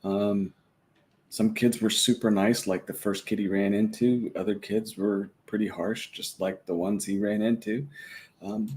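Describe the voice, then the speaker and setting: A man who is a guest on a movie discussion show, talking in a relaxed way about the era he grew up in. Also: fairly low pitch, a little slow.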